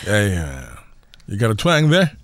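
A man's voice: lowish voice, huge pitch swings, unhurried, a bit bright, no echo. A man with a South African accent hosting a radio breakfast show, joking around, laughing often and slipping into mock accents. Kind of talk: playful radio banter. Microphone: studio microphone.

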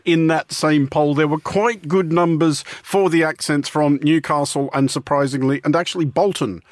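A man's voice: a little high, steady tone, normal speed, no room sound. A man with an Australian accent hosting a radio talk show with dry, mock-formal humor. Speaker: host.

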